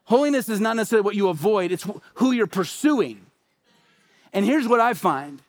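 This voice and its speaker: A man's voice: sits high, lively intonation, brisk. A middle-aged man, a pastor, preaching a sermon with emphatic, repeated phrases and acted-out quotes.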